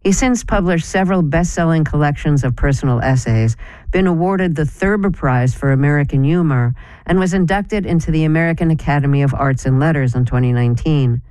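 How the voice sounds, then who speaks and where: A radio host reading a scripted introduction of a guest in a measured way. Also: mid-range voice, darkish tone, clear, resonant tone, no echo.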